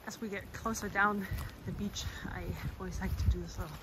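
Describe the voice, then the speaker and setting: A woman's voice: medium pitch, fairly even intonation, a little fast. Breathless woman vlogging outdoors in wind. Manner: chatty, upbeat, many fillers. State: out of breath from hiking. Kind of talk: casual travel vlog. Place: outdoors on a forest hill. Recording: loud outdoor wind noise.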